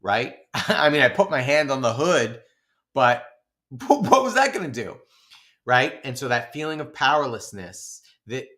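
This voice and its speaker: Male podcast co-host, animated, mid-pitched, casual storyteller. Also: measured pace. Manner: animated, acts out his own shouting and laughs through stories.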